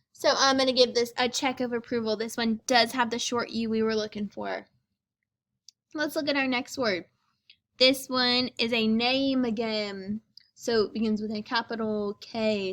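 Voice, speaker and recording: A woman's voice: a little high, fairly bright tone. A woman teaching a phonics lesson to young children, stretching out each sound and asking encouraging questions. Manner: slow, drawn-out sounding out of words; encouraging, sing-song questions.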